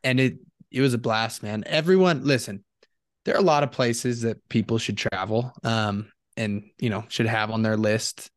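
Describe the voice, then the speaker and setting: Relaxed enthusiastic man on a podcast. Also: mid-range voice, normal speed, dry recording, clean studio sound. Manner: relaxed, enthusiastic storytelling with fillers. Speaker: co-host, host's brother. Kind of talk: casual podcast conversation.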